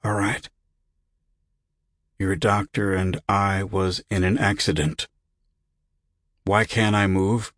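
Raspy young patient, tense and demanding, slow and dry, read by a male narrator. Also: low voice, fairly even intonation, fairly bright tone, no room sound. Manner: demanding, frightened. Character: confused young man, a graduate student, waking up.

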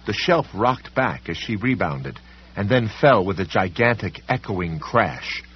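This audiobook narrator is a man with a fairly low, expressive voice, a breathy edge and an unhurried pace. He reads a scripted story dramatically, varying his delivery. The audio is dull and lo-fi.

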